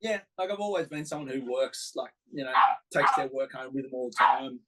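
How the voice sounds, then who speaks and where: A man's voice: medium pitch, animated, fairly quick, heavy background noise. A man, a tattoo artist chatting casually, rambling with lots of fillers and laughs. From Australia. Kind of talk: casual chat. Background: dog barking.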